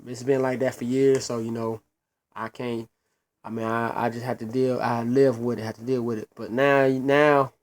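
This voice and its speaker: A man's voice: mid-range voice, little pitch movement, moderate pace, a little hiss or hum. A man reviewing wrestling shows in a casual solo rant, blunt and profane, stumbling and repeating words as he gets worked up.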